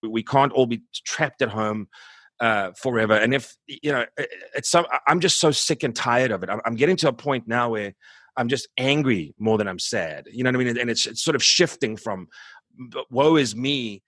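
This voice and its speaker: A man in his forties speaks in a subdued, reflective way, often stopping and restarting mid-sentence. His voice sits at an ordinary middle pitch. The sound is dry and close, with no room echo. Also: fairly quick, fairly bright tone. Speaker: musician guest. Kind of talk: candid interview conversation.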